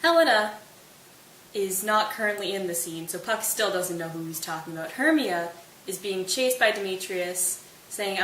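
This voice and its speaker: A woman's voice: mid-range voice, expressive, moderate pace, fairly bright tone. A woman hosting a casual lesson, explaining a play's plot in a chatty way with playful asides. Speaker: host. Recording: roomy distant mic with hiss.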